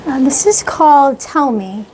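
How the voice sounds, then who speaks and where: A woman musician talks through her ideas on a radio show, stopping and restarting with plenty of "you know"s. Her voice sits a little high, with a faint hiss behind her. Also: animated. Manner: halting, fills with many "you know"s. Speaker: guest musician. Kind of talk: casual radio interview chat.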